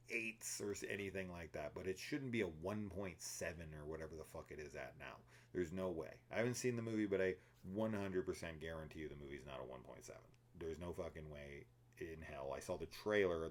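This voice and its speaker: Very deep-voiced man ranting about films. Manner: profane, rambling and opinionated; laughs and mimics characters while telling the plot. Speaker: film review podcast host. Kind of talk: casual spoiler discussion.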